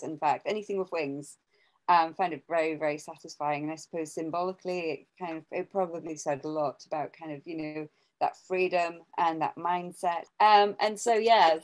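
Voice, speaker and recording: Rambling English woman, lower voice. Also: a little mellow, rough recording. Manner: rambling, many restarts and fillers, laughs at herself. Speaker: podcast co-host and artist. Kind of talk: casual chat.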